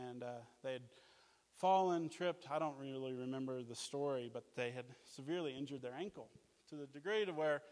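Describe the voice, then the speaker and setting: A man from Australia preaching a sermon, energetic and jokey, telling stories and acting out what people said. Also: medium pitch, big-room sound. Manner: energetic, animated, jokey, acts out quotes. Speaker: guest preacher, mission leader. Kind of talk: sermon with storytelling. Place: church.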